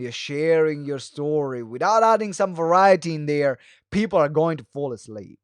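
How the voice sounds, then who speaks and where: A man teaching a live webinar as a speaking coach, talking quickly with many fillers and restarts and shifting his pace and pitch for emphasis. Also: animated, no room sound, clean studio sound. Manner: fast talker who varies pace and pitch; moves hands and head while talking.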